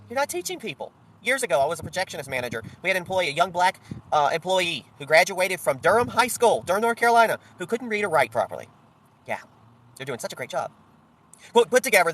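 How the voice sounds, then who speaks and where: Middle-aged guy ranting about politics, blunt, sarcastic, slightly high voice. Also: a bit bright. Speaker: political commentator and candidate. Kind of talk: solo political commentary.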